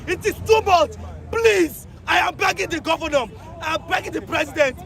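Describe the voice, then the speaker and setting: A young man with a Nigerian accent, a street protester pleading and often shouting, recorded outdoors on a busy street. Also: extremely high pitch, moderate pace, gravelly. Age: young adult. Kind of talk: impassioned street appeal. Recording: noisy outdoor crowd recording.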